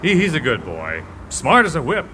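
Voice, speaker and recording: A man's voice: a little high, huge pitch swings, moderate pace, background noise. An actor playing a friendly, easygoing 1950s family father in a radio drama. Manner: easygoing, laughs often. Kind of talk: 1950s-style radio acting.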